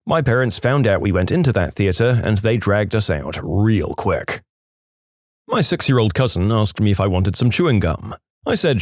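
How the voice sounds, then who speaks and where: A man reading reddit stories aloud, lively, dropping into quick voices for the people he quotes. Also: on the low side, no room sound, clean studio sound. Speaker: narrator.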